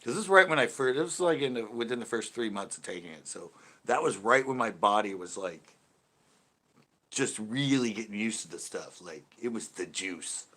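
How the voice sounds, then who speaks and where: A man with a fairly low voice tells a long, rambling story to his live chat. He stops and restarts his sentences often. His tone stays casual and animated throughout. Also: normal speed. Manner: animated, lots of restarts and self-corrections. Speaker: channel host talking to live chat. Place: home porch.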